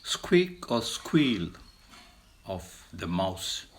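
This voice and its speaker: A man teaching vocabulary, slowly and deliberately listing words for animal sounds, lifting his voice on the sound words. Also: sing-song. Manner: slow, deliberate listing, lifts pitch to mimic sounds. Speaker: language teacher. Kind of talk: slow vocabulary lesson.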